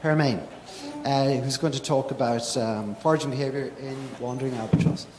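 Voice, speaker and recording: A man's voice: medium pitch, fairly even intonation, brisk, soft background music. A man chairing a conference session, making brief, polite announcements. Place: lecture hall. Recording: echoey hall, loud crowd and noise.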